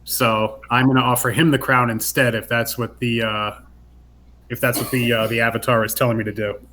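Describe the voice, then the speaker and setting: A man's voice: mid-range voice, little pitch movement, brisk, bright, forceful tone, slight background noise. A man taking part as a player in a tabletop game, talking casually and thinking aloud.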